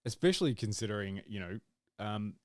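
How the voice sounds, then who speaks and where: A man's voice: on the low side, lively intonation, a little fast, darkish tone, no echo, clean studio sound. A man co-hosting a podcast in casual chat, rambling and acting out his own reactions. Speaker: podcast co-host.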